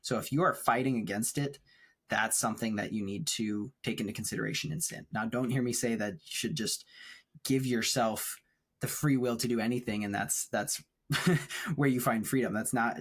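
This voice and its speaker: A man with a husky, mid-range voice co-hosts a film podcast, speaking at a moderate pace. His casual chat is thoughtful and rambling, punctuated by frequent laughter, and it's captured through a remote recording setup.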